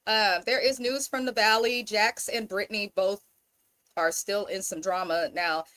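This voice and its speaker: A woman's voice: medium pitch, steady tone, measured pace, sharp tone. A woman from the Bay Area, hosting a casual reality TV recap in a blunt, exasperated way. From Bay Area, California. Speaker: host.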